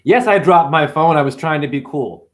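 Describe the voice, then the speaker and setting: A man delivering a rambling spiritual monologue, full of swearing, wordplay and sudden swings from muttering to shouting. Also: normal speed. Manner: profane, wordplay-driven, jumps between wild pitch swings and mutters. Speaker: spiritual speaker.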